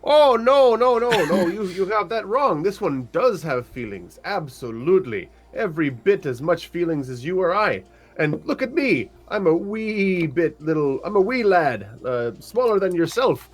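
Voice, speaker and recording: A man's voice: high-pitched, very animated, a little slow, pitched above the performer's own voice, exaggerated voice. A man voicing a boastful little halfling lad who fibs cheekily, in a chirpy, lilting, insistent way.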